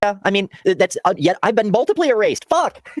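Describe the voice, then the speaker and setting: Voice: medium pitch, very animated, normal speed, dry recording, studio quality. A podcast guest making wry, sarcastic asides during the discussion.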